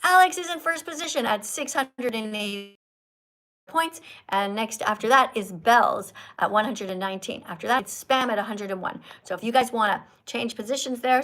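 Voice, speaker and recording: A woman hosting a casual livestream, talking to her viewers in an animated, teacherly, jokey way. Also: a little high, brisk. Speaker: livestream host. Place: Italy.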